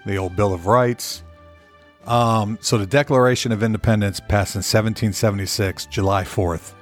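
Low-ish guy rambling on his solo podcast, swears a lot, faint music under it. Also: fairly even intonation, moderate pace. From United States. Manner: rambling, profane, repeats words. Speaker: podcast host.

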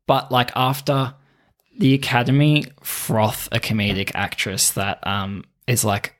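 A male co-host chatting about films on a podcast. He teases his friend, mimics lines from scenes, and talks in an easy, mid-pitched voice. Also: unhurried. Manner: playful, teasing, acts out quotes. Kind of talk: casual film podcast chat.

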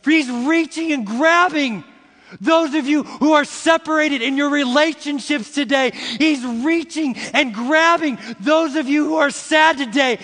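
Man, pastor, middle-aged, very high voice, slow emphatic sermon, long hall reverb. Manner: preaching with rising shouts and slow emphatic repetitions; uses "y'all" and "see" to address the congregation.

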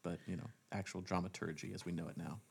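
A man's voice: deep voice, fairly even intonation, quick pace, gravelly, breathy edge. A man hosting a theater podcast, moving from a scripted intro to rambling casual chat with many restarts, sounding stuffy. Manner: rambling, hesitant, full of restarts. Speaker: podcast host, theater co-artistic director.

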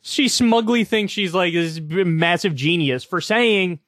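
A man's voice: high-pitched, unhurried, dry recording. Sarcastic man, dry close mic. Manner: sarcastic, mocking, animated rants with fillers. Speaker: political commentary host. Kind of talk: casual political commentary.

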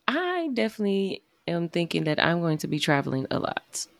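A woman, chatting casually as a podcast co-host and answering with quick affirmations and laughter. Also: on the low side, big pitch swings, vocal fry, no echo. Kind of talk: casual chat.

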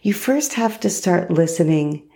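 Woman host, solo podcast, mellow and gravelly tone, low register, unhurried storytelling. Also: lively intonation. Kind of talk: reflective solo podcast monologue.

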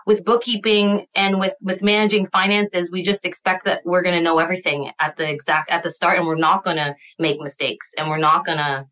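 This podcast guest, an accountant and bookkeeping coach, has a lowish, fairly bright voice with a steady tone, talking a little fast with hardly any pauses. She stays upbeat and laughs often, voices quoted people, and fills her casual talk with "like."

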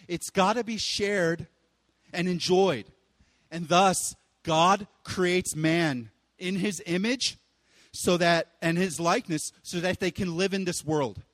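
Young male pastor, high voice, casual animated sermon delivery; long hall reverb. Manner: casual, animated, with playful voices and bursts of loud exclaiming.

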